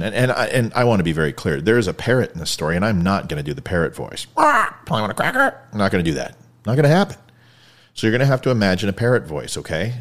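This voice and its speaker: A man hosting a show, telling a story in a casual, jokey way, swinging between loud bursts and quiet asides. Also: lowish voice. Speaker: host.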